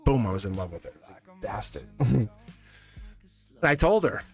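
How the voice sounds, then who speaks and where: A man's voice: mid-range voice, big pitch swings, moderate pace, darkish tone, soft background music. Chatty man hosting a tarot stream. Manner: rambling, chatty, laughs often. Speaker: tarot reader and host. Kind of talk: casual livestream tarot chat. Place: his own studio.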